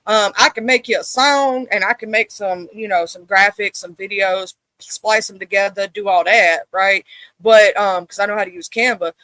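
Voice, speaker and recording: A woman's voice: medium pitch, moderate pace, pushed and bright, dry recording. A Southern woman with a Southern accent, chatting boisterously as a guest co-host. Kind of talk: casual chat.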